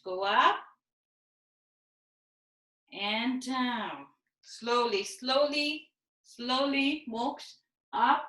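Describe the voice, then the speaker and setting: A woman teaching a children's yoga class over a video call, patient and encouraging, speaking slowly and clearly. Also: fairly high pitch, sharp tone, distant mic. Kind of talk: online class instruction for children. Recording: echoey room on a video call.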